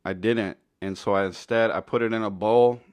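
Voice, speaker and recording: A man's voice: on the low side, fairly even intonation, moderate pace, no echo. A man telling a funny story in a casual, rambling, foul-mouthed way. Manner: laid-back, profane, rambling. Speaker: storytelling commentator.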